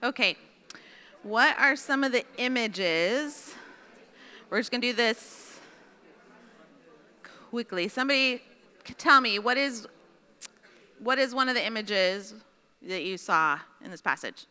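A woman's voice: on the high side, animated, unhurried, pauses often, bright, forceful tone, big-room sound. A woman teaching a Bible study class in a chatty way, often checking in with her students.

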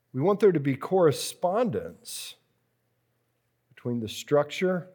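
Slow, deliberate male workshop teacher. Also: mid-range voice, a little mellow, slightly rough. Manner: slow, deliberate, repeats key phrases. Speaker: preaching workshop instructor.

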